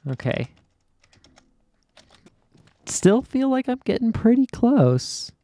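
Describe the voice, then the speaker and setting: A young man casually commenting on his own gameplay, thinking aloud, stammering and getting excited. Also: very high voice, slow, dry recording. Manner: talks to himself, stammers, excitable. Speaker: gaming YouTuber. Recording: dry close sound with keyboard typing.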